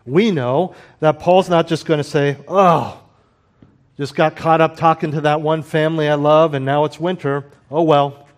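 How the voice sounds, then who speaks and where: A man preaching a sermon, earnest, building emphasis on key points and dropping to quiet explanatory asides. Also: medium pitch. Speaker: pastor.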